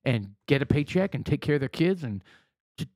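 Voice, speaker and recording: A man co-hosting a casual political chat in a blunt, animated way, swearing often. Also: medium pitch, brisk, dry recording. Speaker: podcast co-host.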